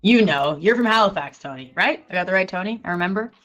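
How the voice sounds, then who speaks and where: A Canadian woman with a Canadian accent hosting a live trading stream in casual chat, chatty and quick to laugh, reading out viewer questions. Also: mid-range voice, expressive, a bit bright, soft background music. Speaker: stream host.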